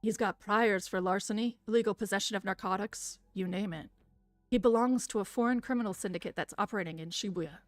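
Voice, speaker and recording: A woman's voice: medium pitch, a little fast, no room sound, faint music behind, natural voice. A woman voicing a police director giving a businesslike briefing over the radio in a game read aloud.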